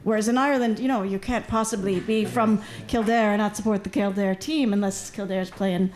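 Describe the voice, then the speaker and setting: A woman from Washington D.C. speaking on a panel discussion, chatty and animated with lots of asides. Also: mid-range voice, a little fast. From United States, Washington D.C.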